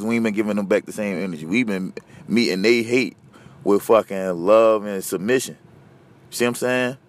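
Animated ranting Philly man. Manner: animated, profane, rambling, shifts between loud outbursts and low muttering. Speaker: podcast host. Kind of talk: casual solo rant.

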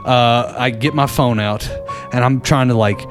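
A lively man calls in and spins a yarn in loose, everyday talk. He laughs often and slips into quick put-on voices for the people in his story. His pitch sits in a plain middle range, with faint music under him. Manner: animated, laughs often, acts out others' lines. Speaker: caller. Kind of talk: casual storytelling. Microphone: phone call-in.

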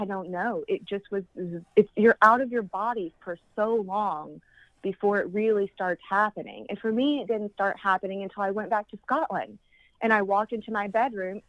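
Brief: grieving woman guest, rambling, animated quotes, mid pitch, dry sound. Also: normal speed, no echo, poor audio. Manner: rambling, acts out quoted voices with big jumps in pitch. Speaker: podcast guest. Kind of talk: casual conversational storytelling.

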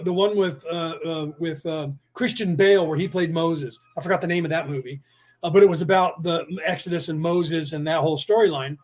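Man, high voice, rambling monologue, profane, rhetorical questions, uneven pace. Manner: profane, emphatic, rhetorical questions, bursts of speed.

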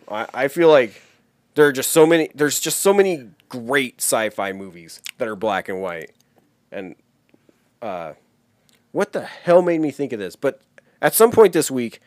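A man co-hosting a casual movie chat, animated and swearing freely. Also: medium pitch, no echo, clean studio sound.

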